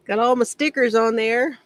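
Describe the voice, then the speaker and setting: A woman's voice: a little high, no room sound. A woman hosting a casual craft livestream from her home shed, greeting viewers by name, chatty and often laughing.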